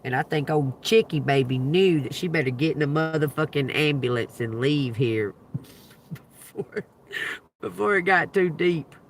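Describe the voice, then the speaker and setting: A woman's voice: deep voice, measured pace, slight background noise. A woman hosting a livestream, telling a story in an emphatic, profane, laughing way. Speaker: livestream host and tarot reader.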